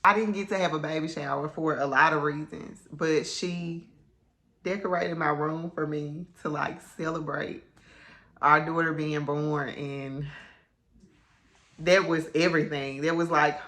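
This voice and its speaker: A woman's voice: deep voice, fairly even intonation, unhurried, fairly bright tone. A woman telling her own story to camera in a candid, chatty way, with lots of ums and likes. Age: adult mother. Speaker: vlogger. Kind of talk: casual personal storytelling to camera.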